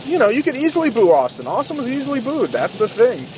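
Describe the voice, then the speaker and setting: A man with a high-pitched voice rants in fast, heated commentary, swearing freely and dripping with sarcasm. Faint noise sits behind his talk. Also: huge pitch swings, a little mellow. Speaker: podcast host. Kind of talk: profane ranting commentary.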